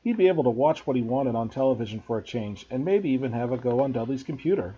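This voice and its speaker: Lively, husky man reading a story aloud. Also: medium pitch, fast talker, highs cut off. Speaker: teacher reading to students. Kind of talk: storybook read-aloud narration.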